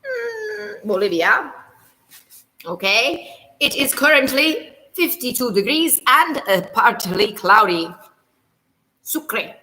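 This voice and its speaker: A woman's voice: high voice, sing-song, takes it slowly, pauses often, bright, forceful tone, in a large hall. A woman teacher running a playful morning meeting for children, humming little tunes and teasing herself as she goes. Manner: playful, self-teasing, hums and sings little transition tunes.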